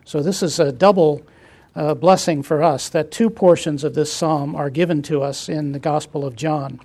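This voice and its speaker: Man leading a Bible study, slightly high voice. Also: fairly even intonation, normal speed, darkish tone. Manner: explanatory, reads scripture aloud, frequent "uh" fillers.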